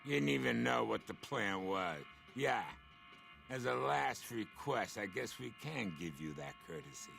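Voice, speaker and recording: An actor playing a ruthless gang boss in a video game, talking in a blunt, menacing, swearing way with a gravelly voice. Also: male voice, medium pitch, animated, unhurried, fairly bright tone, faint music behind, full character voice.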